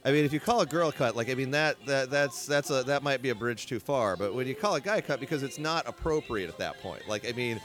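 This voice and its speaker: A man's voice: mid-range voice, quick pace, hardly any pauses, a bit bright. A man hosting a podcast, chatting casually in a bar and rambling with lots of fillers. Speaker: podcast host. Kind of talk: casual bar-room chat. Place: bar, indoors.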